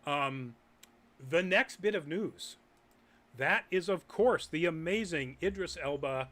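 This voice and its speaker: A man's voice: a little high, lively intonation, slow, a bit bright. A man hosting a live nerd news show, chatting casually with many ums and uhs as he reads news and viewer comments. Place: Massachusetts.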